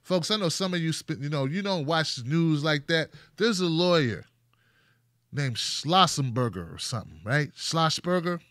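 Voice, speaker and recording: Bright-voiced sarcastic male commentary host. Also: on the high side, moderate pace, no room sound, studio quality. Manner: animated, sarcastic, mock dialogues with rhetorical questions. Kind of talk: casual commentary monologue.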